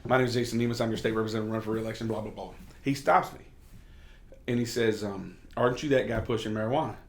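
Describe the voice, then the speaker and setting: Sitting down for a relaxed conversation, a state representative from Kentucky speaks frankly, spinning stories with the occasional curse. His voice is lowish and fairly even in intonation, moving at a quick pace in a roomy-sounding space.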